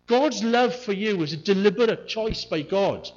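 Brief: male preacher, slightly high voice, earnest and emphatic, dull lo-fi sound. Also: animated, normal speed. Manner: earnest, repeats key words for emphasis. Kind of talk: sermon. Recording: muffled lo-fi recording.

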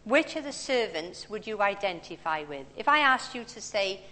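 A woman preaches in a sing-song, sharp-toned, mid-range voice at normal speed, telling personal stories conversationally. The setting is a large church hall, with a handheld or stand mic and long church reverb.

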